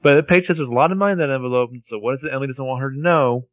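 A man's voice: medium pitch, racing, dry recording. A man co-hosting a podcast, retelling a TV episode with wry, sarcastic asides. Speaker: podcast co-host. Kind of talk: casual TV recap chat.

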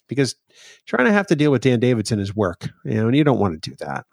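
A man's voice: mid-range voice, wildly swooping pitch, quick pace, creaky, a little mellow, dry recording, clean studio sound. A man co-hosting a podcast in casual chat, teasing his partner and laughing often. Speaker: podcast co-host.

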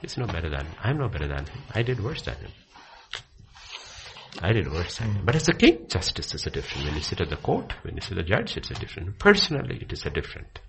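A man teaching from the Bible with passion, dropping to hushed near-whispers and then rising to loud, excited bursts. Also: low-pitched, fast talker, creaky, background noise. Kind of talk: impassioned preaching in conversation.

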